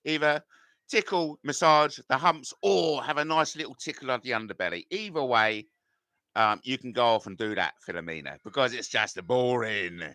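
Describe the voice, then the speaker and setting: A man's voice: medium pitch, moderate pace, pushed and bright, dry recording, clean studio sound. A middle-aged man, live-streaming and reading out chat comments in a combative, rambling way full of swearing.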